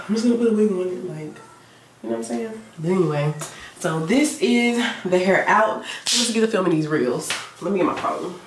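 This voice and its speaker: A young woman, chatting casually to her viewers in a home vlog. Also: mid-range voice. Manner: chatty, talks straight to viewers as "y'all". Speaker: beauty vlogger. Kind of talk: casual vlog chat to camera. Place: at home, indoors. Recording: roomy home recording with faint noise.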